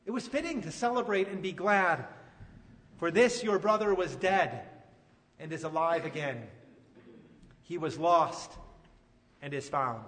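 A preacher voicing a gentle pleading father. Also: fairly high pitch, measured pace, pauses often, big-room sound, voice pushed down. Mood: tender. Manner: tender, pleading. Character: loving forgiving father, older man, gentle.

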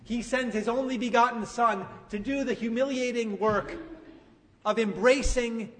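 A man preaching a sermon, retelling a story with animated, emphatic delivery. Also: very high voice, a little slow, in a large hall. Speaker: pastor.

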